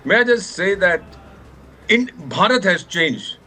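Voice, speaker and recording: A man's voice: sits high, big pitch swings, unhurried, bright, forceful tone, a little hiss or hum. A man with an Indian accent, a former ambassador speaking as a guest on a TV news debate, heated and emphatic, openly angry and calling the anchor sir. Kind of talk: impassioned TV debate commentary.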